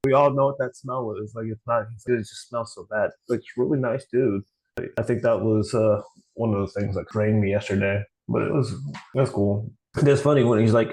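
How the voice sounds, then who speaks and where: A man with a fairly low voice talks loosely on a podcast, retelling conversations by quoting people. He often trips over his words and restarts them. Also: fairly even intonation, normal speed, a little mellow, poor audio. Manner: storytelling, quoting others, frequent restarts. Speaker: podcast host. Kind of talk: casual chat.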